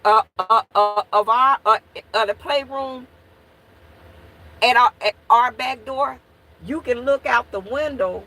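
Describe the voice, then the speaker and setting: Slow, gravelly woman telling her story. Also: a little high, pushed and bright. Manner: repeats and restarts while reliving events, calls to listeners. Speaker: storyteller addressing her viewers. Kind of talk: emotional personal testimony.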